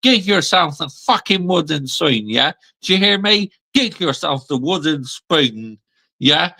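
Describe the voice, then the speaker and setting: Brief: male vlogger, bright gravelly voice, slow and lively, blunt emphatic rant. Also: fairly high pitch, poor audio. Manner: blunt, emphatic, repeats "yeah?" and "mate". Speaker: football channel host. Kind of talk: ranting fan vlog.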